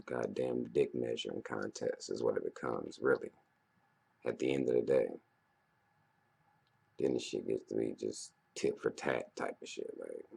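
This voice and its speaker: A man in his thirties with an extremely low, gravelly voice talks through a loose, profane monologue. He rambles and then bursts out loudly. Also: moderate pace, pauses often. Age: 30s. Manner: profane and rambling, with loud animated outbursts. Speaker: vlogger. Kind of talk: casual monologue.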